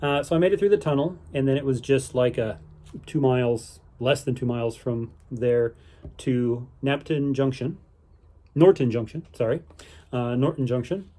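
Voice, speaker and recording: A man's voice: mid-range voice, normal speed, mellow. A man giving a casual, rambling spoken recap of his day, easygoing and upbeat, with lots of fillers and restarts. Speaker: vlogger on a canal boating holiday.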